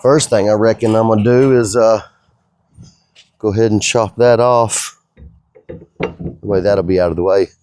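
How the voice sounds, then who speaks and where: A man's voice: on the low side, steady tone, a little slow, long pauses, warm tone, no room sound. A middle-aged man, the owner of a fabrication shop, talking casually in a rambling, folksy way as he works. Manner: easygoing, rambling, folksy talk.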